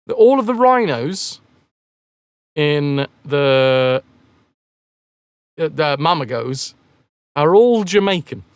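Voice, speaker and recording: Lively, jokey streamer man. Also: on the high side, takes it slowly, long pauses, clear, resonant tone, no echo. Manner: jokey, rambling, reads and answers chat. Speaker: game streamer. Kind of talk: casual live-stream chat with viewers.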